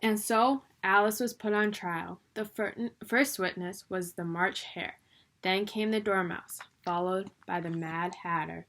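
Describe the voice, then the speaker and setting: A woman reading a children's storybook aloud in a lively, expressive way. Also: medium pitch, unhurried. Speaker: reader.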